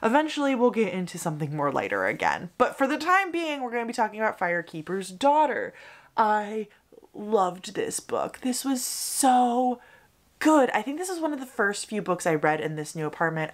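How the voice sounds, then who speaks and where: A young woman talking casually about books she loved, chatty and expressive, gushing at times, in her apartment. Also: fairly low pitch. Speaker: book reviewer. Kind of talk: casual book review vlog.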